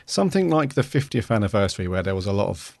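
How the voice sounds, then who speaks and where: A man hosting a podcast, talking in a measured, hesitant way. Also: on the low side, sing-song, creaky, a little mellow, no room sound, studio quality. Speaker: podcast host. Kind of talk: casual chat.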